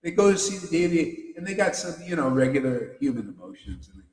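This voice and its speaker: A man's voice: a little high, very animated, quick pace, few pauses, darkish tone. A man giving a fervent, playful devotional talk, laughing often. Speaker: devotional speaker. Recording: roomy hall reverb.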